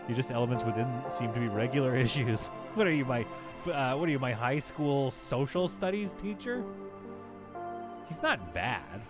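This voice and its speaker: A man casually chatting on a live game stream, reading out viewer messages and laughing often. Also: medium pitch. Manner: chatty, reads chat aloud, laughs often. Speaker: livestream gamer host.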